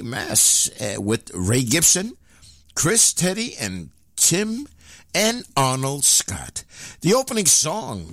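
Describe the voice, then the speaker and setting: Male radio host, chatty, rambling with fillers, lively pitch, dry close sound. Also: no echo. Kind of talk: casual radio announcing.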